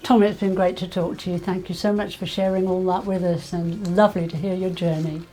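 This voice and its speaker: A woman hosting an interview, gentle and encouraging, with frequent affirmations. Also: fairly low pitch, level tone, brisk, soft background music. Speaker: interviewer, host. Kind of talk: interview questions.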